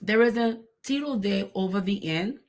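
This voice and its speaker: A woman teaching a language lesson, repeating each word slowly and carefully for pronunciation. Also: medium pitch, a little mellow. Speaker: Spanish teacher. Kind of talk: slow, deliberate language lesson.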